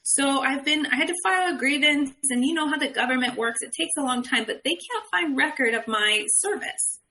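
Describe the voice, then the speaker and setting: A middle-aged woman candidly recounting her own story on a podcast, animated and quoting the people in it. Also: sits high, a little fast, slight background noise, low-quality recording. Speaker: guest telling her story.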